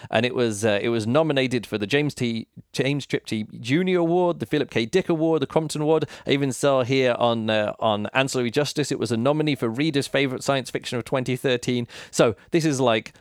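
A man's voice: medium pitch, clear, resonant tone, no room sound, studio quality. A man hosting a podcast, giving a casual spoken book review and thinking aloud with lots of fillers. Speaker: podcast host reviewing books.

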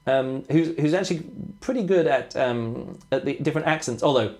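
A man's voice: medium pitch, fairly quick, darkish tone. Chatty man, rambling book talk. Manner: rambling, restarts and trails off mid-sentence. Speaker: podcast host reviewing books. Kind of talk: casual chat.

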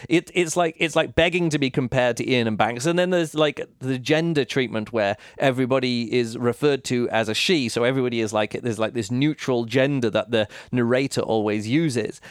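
A man with a smooth, resonant voice talks through a book review in a loose, rambling way, pausing and circling back as he thinks aloud. The sound is close and dry, with no room around it. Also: medium pitch, dry recording. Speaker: podcast host reviewing books. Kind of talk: casual spoken book review.

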